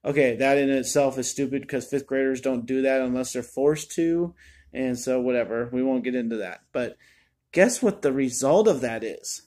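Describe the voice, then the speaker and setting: A man's voice: medium pitch, moderate pace, darkish tone. A man giving a casual spoken film review, exasperated and complaining, full of fillers. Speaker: movie reviewer.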